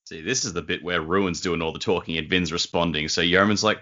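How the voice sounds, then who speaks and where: A man's voice: low-pitched, steady tone, fairly quick, pushed and bright. A man co-hosting a podcast, chiming in with short, wry remarks. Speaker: podcast co-host. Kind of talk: casual chat. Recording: dull lo-fi podcast audio.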